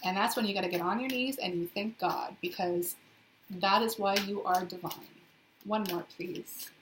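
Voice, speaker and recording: A woman's voice: mid-range voice, moderate pace, slight background noise, poor audio. A young woman giving a casual tarot reading to her viewers, chatty and sassy, with playful asides. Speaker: tarot reader. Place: indoors in a hot, humid city flat.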